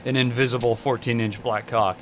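A young man co-hosting a podcast, teasing with deadpan jokes. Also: medium pitch, fairly quick, a little hiss or hum. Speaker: podcast co-host. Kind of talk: casual podcast banter.

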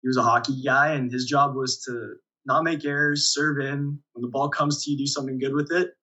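A young man talks through his playing days in a relaxed interview, chuckling as he goes. His voice is bright and a little husky. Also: mid-range voice, a little fast, highs cut off. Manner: relaxed storyteller, many restarts and chuckles. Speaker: volleyball player guest. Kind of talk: casual interview storytelling.

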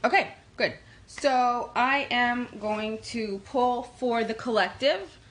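A woman from New York with a New York accent, hosting a casual tarot livestream and answering comments in a quick, energetic way. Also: on the high side, slight background noise, low-quality recording. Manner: fast-talking, energetic, reads comments aloud. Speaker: livestream host doing tarot readings.

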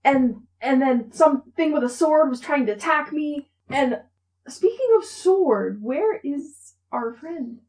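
A woman's voice: sits high, animated, slow, a little mellow, pitched above the performer's own voice, poor audio. A woman voicing a timid male monk who stammers tearful apologies. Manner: stammering, weepy.

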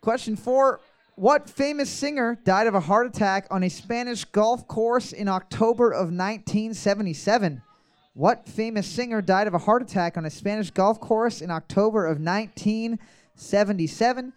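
Male trivia quizmaster, high voice, casual and profane, repeats questions. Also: moderate pace, smooth. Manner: crude, joking, repeats each question. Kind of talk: casual bar trivia hosting.

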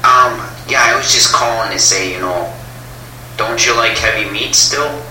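A man's voice: medium pitch, measured pace, sharp tone. A man doing a rambling, drawling caller. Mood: easygoing. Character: dim, rambling male caller, easygoing. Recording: echoey distant room, faint noise.

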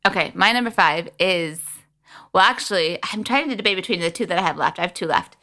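A woman's voice: on the low side, animated, fast talker, pushed and bright. A woman in casual chat as a podcast co-host, chatty and self-deprecating, laughing easily.

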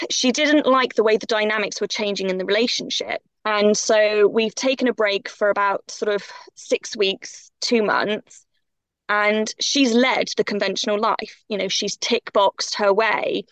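A woman's voice: medium pitch, fairly bright tone, no room sound. A woman guest on a podcast, talking in an impassioned, emphatic way. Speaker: guest coach. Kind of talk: podcast conversation.

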